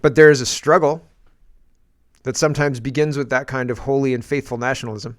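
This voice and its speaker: A male politician's statement comes across slowly and deliberately, as a man reads it out. The pace is measured and the tone stays formal. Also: mid-range voice, fairly even intonation, no echo, studio quality, lightly acted. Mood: reading aloud. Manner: slow, deliberate reading.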